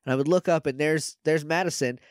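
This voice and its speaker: A man's voice: fairly high pitch, brisk, dry recording, clean studio sound. A man co-hosting a podcast, chatting casually over a video call, rambling with lots of fillers and frequent laughs. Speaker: podcast co-host. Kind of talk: casual chat. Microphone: remote video-call mic.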